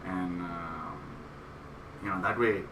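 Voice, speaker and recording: A man's voice: low voice, steady tone, slow, reverberant, distant mic, noisy background. A man co-hosting a casual podcast, telling a long stand-up story with many fillers and laughs. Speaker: podcast co-host, comedian.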